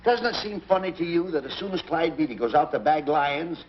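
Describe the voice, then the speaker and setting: An actor playing a bossy, fast-talking straight man in a 1940s film comedy, brisk, scolding and exasperated. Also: on the high side, animated, lightly acted. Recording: dull 1940s film soundtrack with faint hiss.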